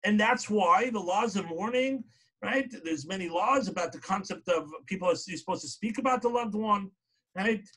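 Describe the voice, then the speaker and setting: High-voiced man lecturing with "right?" asides. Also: moderate pace, fairly bright tone. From lived in Israel. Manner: storytelling, frequent "right?" asides, rising to emphatic quotes. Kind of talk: sermon-style lecture.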